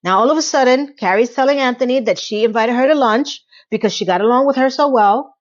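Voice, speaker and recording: A woman's voice: fairly high pitch, fast talker, dull audio. A woman recapping a TV episode, ranting with exasperated, incredulous rhetorical questions. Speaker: TV recap reviewer.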